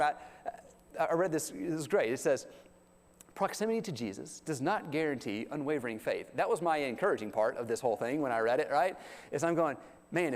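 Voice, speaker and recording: A man with a drawl preaches in a church, his folksy delivery slipping into little acted-out voices. His voice sits a touch higher than most men's. It rings in a long hall reverb. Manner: folksy, animated, acts out quotes. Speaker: pastor. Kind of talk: sermon. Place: church sanctuary.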